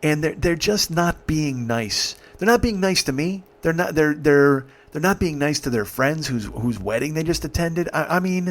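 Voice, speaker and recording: A man in his forties, a comedian, telling a rambling, profane, exasperated comic story. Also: fairly high pitch. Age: 40s. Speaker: comedian host.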